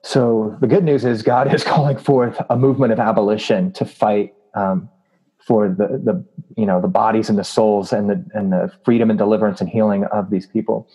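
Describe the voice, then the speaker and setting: A man's voice: fairly low pitch, fairly even intonation, normal speed, mellow, slightly rough, low-quality recording. A man telling a story in a casual interview, earnest and full of fillers. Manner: earnest, with many fillers and laughs. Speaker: anti-trafficking activist and preacher.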